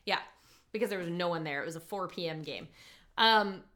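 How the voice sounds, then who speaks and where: A woman hosting a podcast, telling a story in animated casual chat, full of "like" and quoted dialogue. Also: on the low side, a little fast. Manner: animated, lots of "like" and quoting. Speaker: podcast host.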